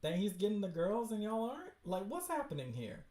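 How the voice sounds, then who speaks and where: A man hosting a livestream, excitedly reading webcomics aloud and reacting with slangy chatter and frequent laughs. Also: high voice, fairly quick, echoey room.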